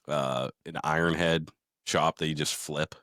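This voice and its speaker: A man's voice: a bass voice, fairly even intonation, measured pace, a bit bright, dry recording, studio quality. A man co-hosting a podcast in casual chat, swearing freely, joking and reading out listener mail. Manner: profane, joking, reads listener mail aloud. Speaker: podcast co-host.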